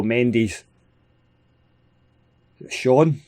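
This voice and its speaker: A Scottish man hosting a gaming video, giving casual, excitable play-by-play with frequent chuckles. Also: medium pitch, normal speed. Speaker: gaming channel host. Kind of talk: casual let's-play commentary.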